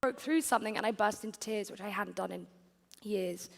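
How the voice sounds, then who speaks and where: A woman's voice: medium pitch, brisk, creaky, big-room sound. A woman recounting a personal experience in an interview, in a chatty, filler-heavy, confessional way. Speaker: interviewee telling her story.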